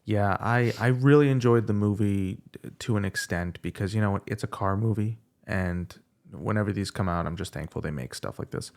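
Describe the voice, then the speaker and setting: A man's voice: fairly low pitch, moderate pace, creaky, darkish tone. A man who hosts his own podcast, a guest here, chatting casually and telling stories with easy laughter. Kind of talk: casual chat.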